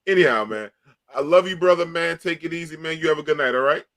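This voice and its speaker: A man's voice: fairly high pitch, quick pace, fairly bright tone, no echo. A man co-hosting, joking loosely in slangy casual banter. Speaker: podcast co-host.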